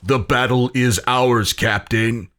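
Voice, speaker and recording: A man's voice: mid-range voice, steady tone, slow, fairly bright tone. A man voicing a big, commanding male warrior leader who gives firm, urgent orders.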